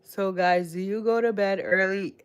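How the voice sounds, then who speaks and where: A woman's voice: mid-range voice, fairly even intonation, moderate pace, smooth. A woman with a Caribbean accent mixed with American, chatting casually with viewers on a livestream in a rambling way. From Caribbean, raised in Connecticut. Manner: chatty, rambling, addresses chat directly. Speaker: livestream host. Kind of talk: casual live-stream chat with viewers.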